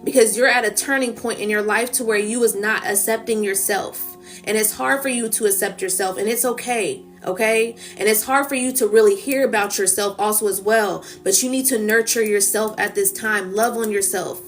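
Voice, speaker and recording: A woman's voice: mid-range voice, fairly even intonation, normal speed, soft background music. A woman giving a spiritual collective reading in a casual, coaxing manner, often checking in with "okay?" and "right?". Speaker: tarot reader.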